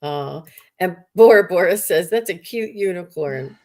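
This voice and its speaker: A woman's voice: on the low side, animated, a little slow, darkish tone. Chatty woman hosting a live stream. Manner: chatty, reads out viewer comments, frequent ums. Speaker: host of a live online workshop. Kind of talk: casual live-stream chat.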